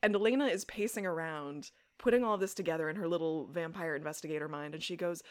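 A young adult woman co-hosting a podcast, recapping a show episode in casual chat, animated and laughing as she acts out quoted lines. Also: sits low, fast talker. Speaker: podcast co-host.

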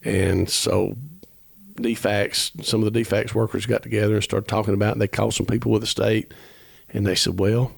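A man's voice: fairly low pitch, flat delivery, a little fast, vocal fry, slightly rough, no echo, studio quality. A man, telling a long personal story as a podcast guest, earnest and rambling, acting out the dialogue as he goes. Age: 50s. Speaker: musician guest.

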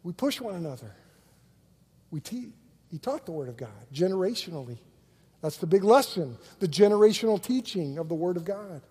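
A man preaching a sermon as a pastor, energetic, acting out quotes and repeating words for emphasis. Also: sits high, moderate pace, slightly rough, big-room sound.

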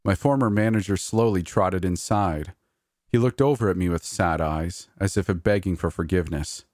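A man reading a horror audiobook in a steady, measured way. His voice is very low, and the recording is dry and close, with no room echo. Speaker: narrator.

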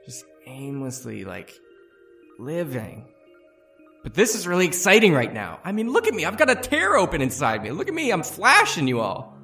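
A man's voice: on the high side, wildly swooping pitch, normal speed, vocal fry, pushed and bright, faint music behind, pitched above the performer's own voice, exaggerated voice. A man voicing a sly, bored male beast in a tabletop game, coaxing and playful with a folksy manner.

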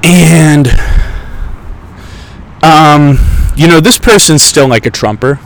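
A man's voice: a little high, slow, creaky, rough recording. A young man hosting a podcast, telling rambling, profane, sarcastic stories in casual chat. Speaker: podcast host. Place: outdoors in a park.

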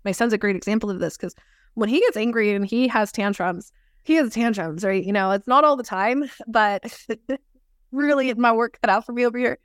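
A woman's voice: a little high, normal speed, dry recording, studio quality. A woman in her thirties, a somatic practitioner and podcast guest, talking in a reflective way with frequent laughs and restarts. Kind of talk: casual podcast conversation.

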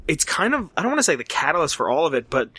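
A man's voice: on the high side, sing-song, rapid-fire, pushed and bright, husky, dry recording. A young man in casual chat, rambling with lots of fillers and swearing. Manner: rambling, filler-heavy, profane.

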